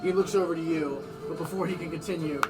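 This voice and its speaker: A young man acting as game master, narrating a tabletop game in a relaxed, halting way with fillers. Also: fairly high pitch, poor audio. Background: loud background music.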